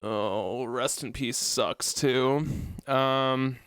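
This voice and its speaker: A man commentating his own card game, pleading and groaning at bad luck with loud anguished outbursts. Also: medium pitch, steady tone, drawn-out words, clear, resonant tone, no room sound, studio quality. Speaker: gameplay commentator.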